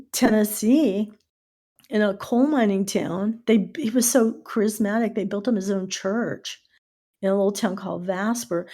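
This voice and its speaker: A middle-aged American woman hosting a casual podcast, telling stories with lively asides and spelling out words letter by letter. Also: mid-range voice. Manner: animated storyteller who spells out words letter by letter. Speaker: podcast host.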